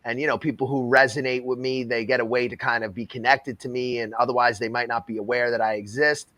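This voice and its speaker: A man talks casually and bluntly as he reacts to video clips, now and then laughing at what he sees. His voice sits in an ordinary middle pitch, relaxed and conversational. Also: quick pace, dry recording.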